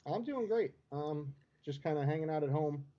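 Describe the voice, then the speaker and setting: A man's voice: a little high, animated, moderate pace. A man co-hosting a casual sports chat from home, laid-back and easygoing. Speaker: co-host. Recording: dull lo-fi line with faint noise.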